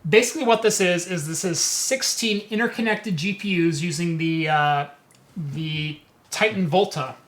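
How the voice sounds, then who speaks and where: Bright, chatty male live-stream host. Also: high-pitched, normal speed. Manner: chatty, stumbling over words, asks viewers for donations. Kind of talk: casual live-stream chat.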